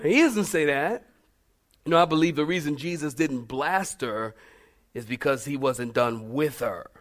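A middle-aged man preaching a sermon, animated and humorous, calling out to his congregation. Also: mid-range voice, measured pace. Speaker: pastor.

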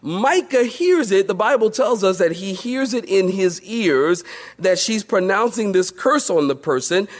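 A man preaching a sermon in a lively storytelling manner, asking the congregation rhetorical questions. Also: high-pitched, measured pace. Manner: animated, storytelling, acts out voices, rhetorical questions. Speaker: pastor.

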